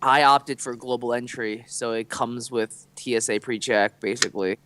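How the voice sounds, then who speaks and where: A man's voice: medium pitch, fairly even intonation, moderate pace, background noise. A young man chatting casually as a podcast co-host, telling stories loosely with lots of fillers. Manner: loose, rambling storytelling with many fillers. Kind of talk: casual chat.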